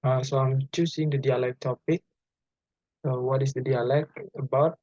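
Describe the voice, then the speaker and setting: A young man giving a class presentation, explaining slowly with many fillers. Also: medium pitch, level tone, a little mellow, no room sound. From Bali, Indonesia. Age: young adult. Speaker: student presenter. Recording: dry, dull lo-fi sound.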